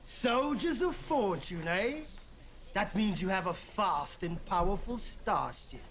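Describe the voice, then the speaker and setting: A smooth-talking spaceship captain hams up a fake accent in a high voice that rises and falls a lot. The audio is noisy. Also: male voice, lively intonation, slow, a bit bright, exaggerated voice. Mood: scheming. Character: scheming male spaceship captain.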